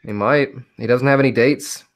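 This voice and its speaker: Man, podcast host, casual chat, steady, going through a list, mid pitch. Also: normal speed.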